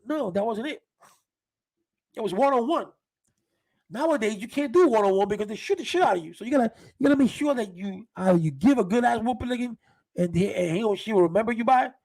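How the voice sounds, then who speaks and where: Raspy high-voiced man telling street stories. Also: low-quality recording. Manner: profane, street-talking, animated storytelling with many restarts. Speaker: podcast host. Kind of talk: casual storytelling monologue.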